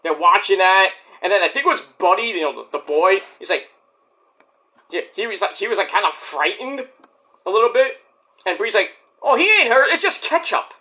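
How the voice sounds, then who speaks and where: A man's voice: high voice, lively intonation, moderate pace, pushed and bright. A man hosting a podcast, rambling casually about wrestling, swearing and acting out little scenes as he goes. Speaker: podcast host.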